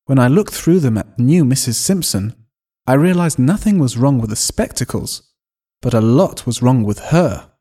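A man reading a first-person story aloud in an expressive, storytelling manner. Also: medium pitch, moderate pace. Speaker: narrator. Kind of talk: scripted story narration.

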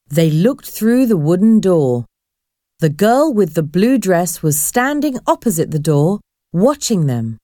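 A woman narrating a storybook in a clear, expressive reading voice. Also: lowish voice, a little slow, no echo, studio quality.

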